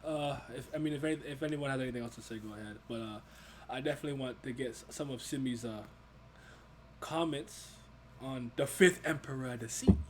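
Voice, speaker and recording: A young man hosting a casual movie review chat, animated and swearing, often laughing. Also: medium pitch, brisk, a little hiss or hum. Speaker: podcast host.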